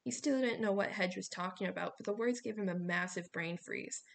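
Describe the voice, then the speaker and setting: Gravelly-voiced woman reading an audiobook. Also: medium pitch. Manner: steady, storytelling. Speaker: audiobook narrator. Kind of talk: audiobook narration.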